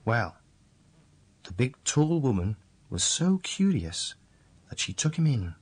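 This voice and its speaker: A man reading a fairy tale aloud, slow and deliberate. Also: mid-range voice, very animated, a little mellow, breathy edge. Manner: slow, deliberate, repetitive storytelling. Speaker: storyteller.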